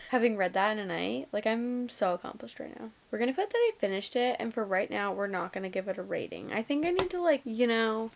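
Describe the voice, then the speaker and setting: A woman's voice: a little high, sing-song, a little fast, gravelly, a little hiss or hum. A young woman chatting casually in a reading vlog, gushing and filling her talk with "like". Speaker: book vlogger.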